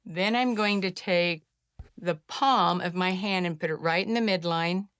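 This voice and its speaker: A middle-aged woman teaching a simple calming technique, speaking gently and encouragingly and slowing to a soft hush during the breathing steps. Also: fairly low pitch, smooth, no room sound, studio quality. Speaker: wellness practitioner teaching a self-care technique. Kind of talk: guided instruction to camera.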